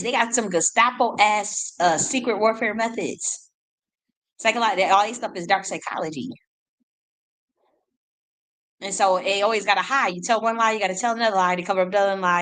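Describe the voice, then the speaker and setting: A woman's voice: medium pitch, bright, forceful tone, rough recording. Profane ranting woman. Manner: blunt, profane, combative, rapid repetitions. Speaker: independent artist. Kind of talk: ranting monologue.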